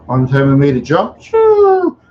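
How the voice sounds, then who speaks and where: On his live stream, a middle-aged Minneapolis man rambles through stories, chuckling and throwing in sound effects. His mid-range voice stays steady and darkish at a measured pace, over dull, lo-fi audio with slight background noise.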